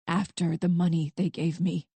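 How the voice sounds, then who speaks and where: A woman voicing a guilt-ridden adult man who confesses in a low, halting, strained voice. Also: dark tone, breathy edge, no room sound.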